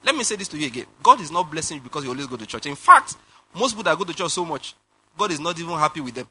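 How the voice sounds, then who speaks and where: A man preaching a sermon, animated, laughing and firing rhetorical questions at the congregation. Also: fairly high pitch, racing, breathy edge. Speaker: pastor.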